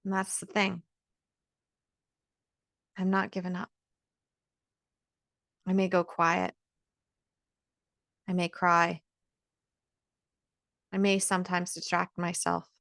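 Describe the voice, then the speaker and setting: A woman's voice: fairly low pitch, little pitch movement, slow pace, vocal fry, pauses often, fairly bright tone, dry recording, studio quality. A woman speaking straight to camera in an earnest, emphatic motivational talk, often repeating words as she presses a point. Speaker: vlogger giving encouragement.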